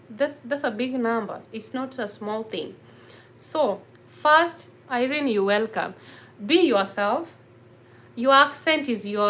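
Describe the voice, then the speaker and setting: A woman's voice: a little high, sharp tone. A woman vlogger talking casually to the camera in earnest, encouraging English that is not her first language, often restarting her phrases. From grew up in a village. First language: mother tongue not English.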